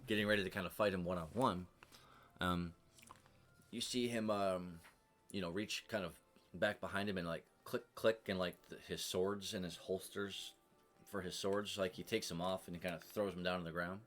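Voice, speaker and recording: Game master, male, lowish voice, rambling narration with fillers. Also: steady tone, moderate pace, fairly bright tone, soft background music. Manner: rambling, full of fillers and restarts.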